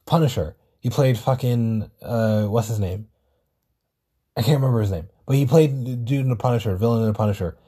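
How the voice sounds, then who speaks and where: A man's voice: mid-range voice, fairly quick, dark tone, breathy edge. A man hosting a solo podcast, talking in a rambling casual way, swearing and correcting himself often. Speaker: podcast host.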